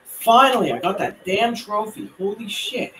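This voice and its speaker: A man's voice: high voice, sing-song, normal speed, fairly bright tone, slight background noise, rough recording. A man playing a video game with friends over voice chat, swearing and screaming at the game. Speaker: gaming stream player. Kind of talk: casual chat while gaming.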